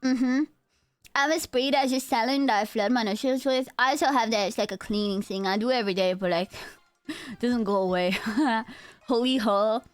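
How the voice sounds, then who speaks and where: A woman's voice: fairly high pitch, moderate pace, smooth, dry recording, faint music behind. A young woman VTuber streamer chatting casually and playfully with her chat on a close mic. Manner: playful, joking, talks to chat.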